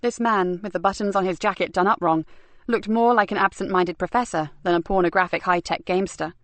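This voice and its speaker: A woman narrating a crime novel audiobook in a steady, even storytelling manner. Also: mid-range voice, fairly quick, no echo. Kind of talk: scripted narration.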